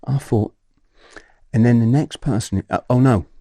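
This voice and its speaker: A man in his fifties, a podcast guest telling a story in a lively way, acting out what people said and swearing casually. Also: mid-range voice, normal speed, no room sound, studio quality. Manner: animated, acts out quoted dialogue, swears casually. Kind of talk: storytelling in an interview.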